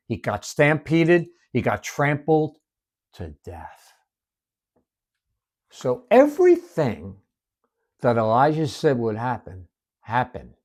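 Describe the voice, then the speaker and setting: A man teaching the Bible as a sermon, retelling its stories dramatically and dropping to hushed whispers to make his point. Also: mid-range voice. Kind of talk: expressive Bible-study sermon.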